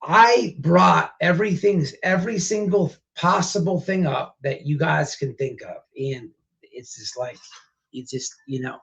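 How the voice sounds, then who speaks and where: A man hosting a casual livestream chat, rambling with many restarts, his voice going hoarse. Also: fairly high pitch, a little slow, fairly bright tone. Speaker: livestream host. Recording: dull lo-fi stream audio.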